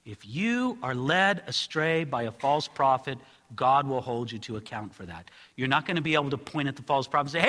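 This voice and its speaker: A man preaching an expository sermon, earnest and building to loud pleading passages. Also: lively intonation, brisk. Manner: earnest, rises high and loud when acting out pleas. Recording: long hall reverb.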